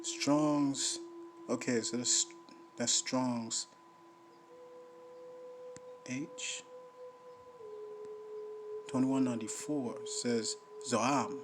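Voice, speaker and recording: A man delivers an informal scripture teaching at a slow, deliberate pace. He hammers key phrases by repeating them, rising to loud preaching, then drops to low muttering as he reads. A faint background noise sits under his voice. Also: wildly swooping pitch. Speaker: bible teacher.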